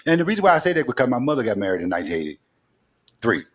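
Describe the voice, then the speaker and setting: Speaking rapid-fire in a very animated, medium-pitched voice, a Southern-accented talk show host conducts a loose, playful interview, wandering off topic and repeating phrases as he talks.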